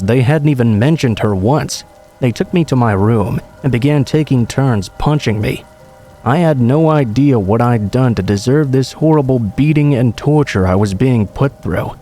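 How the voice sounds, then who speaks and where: A man narrates a true horror story in a calm, steady voice with a mellow, dark tone. Rain falls throughout, with faint music underneath. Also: mid-range voice.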